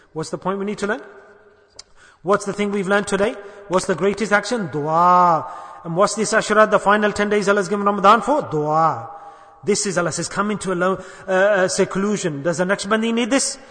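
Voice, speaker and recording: A man's voice: high voice, a little fast, a bit bright, in a large hall. A man giving an Islamic sermon, emphatic and repetitive, asking the listeners rhetorical questions. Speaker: Islamic preacher.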